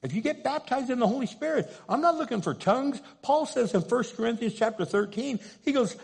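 A man who is a pastor, preaching a sermon with passion, rising to loud pleading and dropping to hushed asides. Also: very high voice, expressive, fairly quick, gravelly, hardly any pauses, husky.

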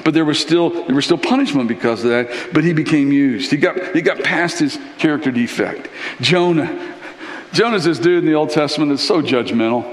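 Animated preacher in echoey hall. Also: male voice, on the high side, normal speed. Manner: animated storytelling, acting out Bible characters. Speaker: pastor. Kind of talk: sermon. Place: church hall.

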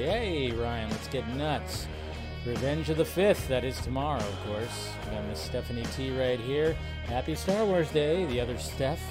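Rambling male live-stream host. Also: mid-range voice. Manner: rambling, repeats phrases, greets chat by name. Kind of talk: casual live-stream chat. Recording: music playing under the voice. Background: music.

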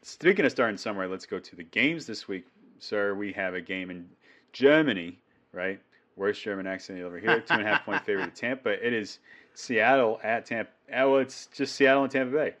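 A man's voice: fairly low pitch, fairly bright tone. A man co-hosting a fantasy football show, chatting casually with a jokey, rambling manner. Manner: jokey, rambling, quick to riff. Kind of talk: casual sports chat.

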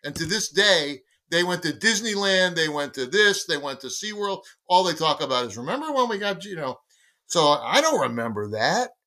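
A man being interviewed as a guest, telling anecdotes in a conversational, animated way and acting out the dialogue of the people in them. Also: on the high side, moderate pace. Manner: animated storyteller who acts out quoted dialogue. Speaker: guest, baseball editor and former team publicist.

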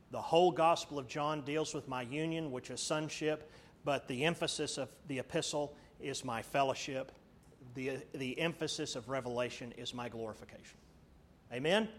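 Male pastor, middle-aged, slightly high voice. Teaching sermon with call-and-response questions. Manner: teaching Bible study with questions to the congregation; shifts between quiet asides and emphatic raised lines.

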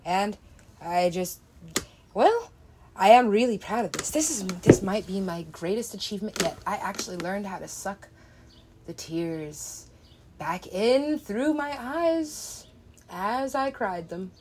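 A woman drifts through an unhurried, rambling monologue, her words coming slowly and breaking into frequent laughs. She swears offhandedly and keeps a loose, casual tone, with a faint hiss of background noise behind her. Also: medium pitch, expressive.

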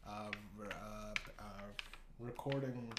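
A man's voice: lowish voice, steady tone, takes it slowly. A man hosting a casual comedy show, riffing in a rambling, profane way with many restarts. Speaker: host. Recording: echoey room with faint hiss.

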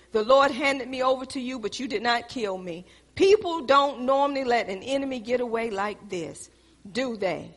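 Lady preaching, high bright voice, long echo like a big hall. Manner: preaching with rising fervor, addressing the congregation. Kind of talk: sermon.

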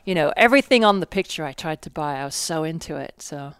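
A former World Cup mountain bike racer from England tells her story as a guest in a casual interview. Her deep voice is expressive and quick, with a clear, resonant tone and no echo, and she rambles and corrects herself with frequent restarts and fillers.

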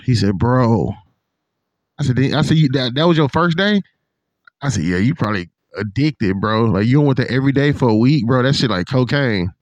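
Animated, profane man telling stories. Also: medium pitch, moderate pace, dry recording, dull audio. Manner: animated storyteller, profane, quotes others in put-on voices. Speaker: podcast co-host. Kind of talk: casual chat.

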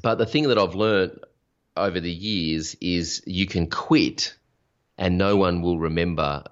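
A man talks frankly as a podcast guest, sharing personal stories and upbeat advice. His voice sits very low. The sound is a little dull and lo-fi. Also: measured pace. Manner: frank, storytelling, motivational. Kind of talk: candid interview conversation.

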